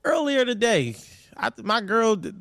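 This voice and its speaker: A man co-hosting a casual podcast, speaking candidly and profanely as he gives blunt relationship advice and tells lively stories. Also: high voice, unhurried, dry recording, studio quality. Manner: lively storyteller. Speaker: podcast co-host.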